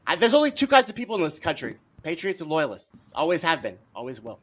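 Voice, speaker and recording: A man's voice: a little high, huge pitch swings, fast. A man appearing as a guest on a political chat podcast, teasing the host and arguing his points. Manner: teasing, argumentative.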